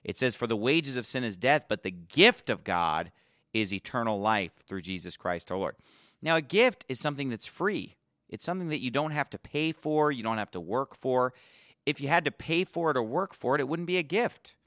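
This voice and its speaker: A man's voice: mid-range voice, expressive, moderate pace, fairly bright tone, dry recording, clean studio sound. Earnest man preaching a gospel sermon.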